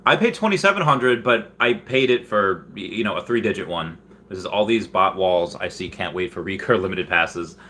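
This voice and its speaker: Bright-voiced man hosting a chatty livestream. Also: lively intonation, moderate pace, slight background noise. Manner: rambling and chatty with frequent laughs and restarts; bursts into high, loud put-on voices when quoting. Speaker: livestream host. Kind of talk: casual livestream chat, reading viewer comments.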